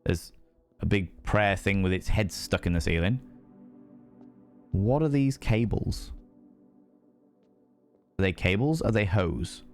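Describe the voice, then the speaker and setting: A man's voice: lowish voice, takes it slowly, long pauses, a little mellow, faint music behind. A man chatting casually and playfully with his viewers while streaming a game, swearing freely. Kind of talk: casual live-stream chat while gaming.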